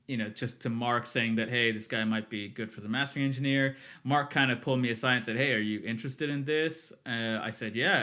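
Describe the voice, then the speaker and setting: A music producer in his thirties, guesting on a podcast, spins casual stories in a mid-range voice. He tells them with animation, laughing frequently and acting out quotes throughout the interview.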